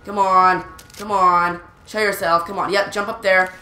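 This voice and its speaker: Excitable woman narrating gameplay, echoey room. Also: mid-range voice, measured pace, slight background noise. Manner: excitable, repeats urgent exclamations, stammers often. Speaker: gaming channel host. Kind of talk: live gameplay commentary.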